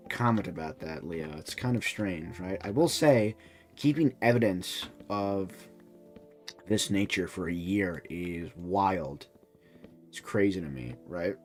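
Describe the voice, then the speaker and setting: A man's voice: lowish voice, a little mellow. A young man streaming, reacting to a video with rambling, profane casual commentary full of restarts.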